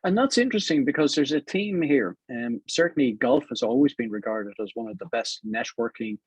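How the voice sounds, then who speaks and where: A man's voice: mid-range voice, animated, a little fast, slightly rough, no room sound, dull audio. A man hosting a radio interview show, guiding his guest along with conversational prompts. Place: radio studio.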